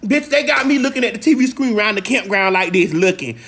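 A woman talks straight to her viewers in a loud, profane vlog rant, her voice mid-pitched and nasal from congestion. She jumps from near-shouts and laughter to low, muttered asides. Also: lively intonation, fast. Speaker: vlog host. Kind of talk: casual rant recapping a movie.

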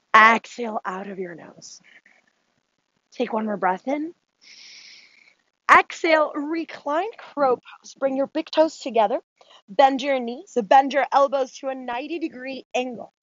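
A woman yoga instructor calmly guiding a class through poses and breathing cues. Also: sits high, no room sound, dull audio. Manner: calm, steady spoken cues with long breath pauses.

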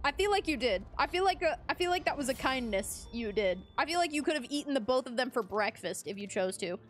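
A woman's voice: high-pitched, lively intonation, fast talker, soft background music. A young woman live-streaming a game, chatting casually, giggling and greeting her chat.

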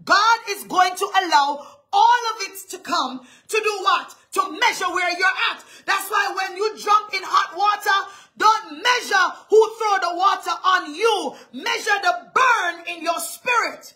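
A woman pastor preaching a livestreamed sermon, loud and often shouting, with emphatic call-outs to her listeners and a throat strained from yelling. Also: very high voice, a little slow.

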